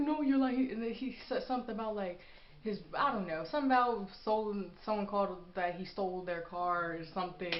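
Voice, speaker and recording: A young woman vlogger telling a storytime story, rambling and animated with lots of fillers, in an echoey room with dull lo-fi sound. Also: medium pitch, a little hiss or hum. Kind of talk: storytime vlog.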